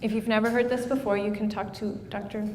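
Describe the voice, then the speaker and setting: A woman's voice: flat delivery, fast talker, darkish tone. Young woman lecturing in an echoey hall. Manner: explanatory, checks in with the audience and sounds out example words. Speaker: guest lecturer. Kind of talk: academic seminar talk. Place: seminar room. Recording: echoey hall with faint noise and rumble.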